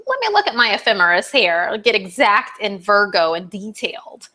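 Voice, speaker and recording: Bright, bubbly woman astrologer. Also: mid-range voice, very animated, moderate pace. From not from New Jersey. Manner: chatty and bubbly, laughs often, answers chat questions. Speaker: astrologer hosting a live stream. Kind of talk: casual live-stream astrology chat.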